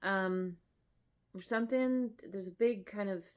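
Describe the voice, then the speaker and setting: A woman giving a tarot reading, emotional and effusive, often halting and restarting her sentences. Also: mid-range voice. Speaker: tarot reader.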